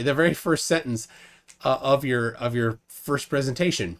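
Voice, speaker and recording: A man's voice: medium pitch, normal speed. A man hosting a casual live debate stream, wry and laughing often as he reads out viewer comments. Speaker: livestream debate host.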